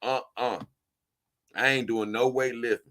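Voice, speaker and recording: Steady in tone and measured in pace, this man's mid-range, slightly bright voice carries a casual doll-collecting vlog where he responds to viewer comments. He talks emphatically and repetitively with slang, frequently stumbling and starting over.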